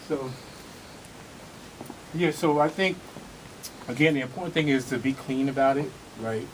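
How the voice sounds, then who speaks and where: In a dance studio with music playing, a man teaches a vogue class, talking casually and a little out of breath as he demonstrates and checks in with his students. His mid-range voice moves slowly with long pauses. The audio is poor, with slight background noise.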